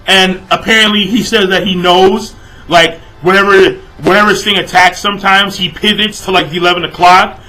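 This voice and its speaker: A man's voice: high-pitched, steady tone, moderate pace, pushed and bright, rough recording. A young man giving a casual, exasperated review of a manga chapter, swearing constantly and padding his talk with fillers. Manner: profane, exasperated, filler-heavy ranting.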